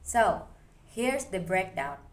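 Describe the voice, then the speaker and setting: A woman's voice: mid-range voice, slow pace. Young woman presenting a class project. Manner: steady, explanatory, reads from slides. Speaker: student presenter.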